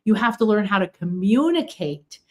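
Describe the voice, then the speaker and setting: A woman's voice: medium pitch, expressive, normal speed, a little mellow. A middle-aged woman giving a motivational spiritual talk, earnest, stacking long repeated lists and acting out quoted pleas. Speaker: spiritual healing teacher.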